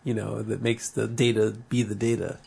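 A man's voice: fairly low pitch, level tone, moderate pace, vocal fry, darkish tone, breathy edge. A man co-hosting a podcast, chatting casually and rambling, laughing often, a bit tipsy from beer. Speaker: podcast co-host. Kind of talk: casual chat.

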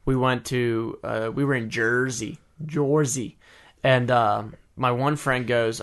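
A man's voice: medium pitch, moderate pace. A man with a Pittsburgh accent, telling stories and laughing in a casual chat. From Pittsburgh, USA. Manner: laughing storyteller, animated.

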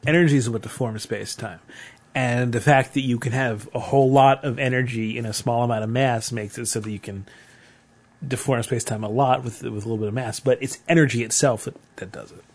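A man's voice: medium pitch, steady tone, a little fast. Man, podcast co-host, earnest explainer, repeats words, casual chat.

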